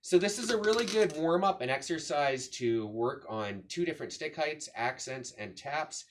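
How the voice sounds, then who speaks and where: A man with a fairly high, animated voice speaks at a normal speed over a faint hiss or hum. He's giving a drum lesson in a room with a kit, patiently explaining strokes and counting beats aloud as he demonstrates, in a casual, instructional way.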